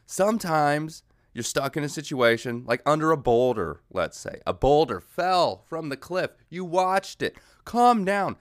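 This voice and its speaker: Rambling man with a lively voice. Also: on the high side, a little slow, dry recording, studio quality. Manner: animated, jumps into yelled mock voices, loses his train of thought. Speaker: podcast host. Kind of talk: rambling solo comedic monologue.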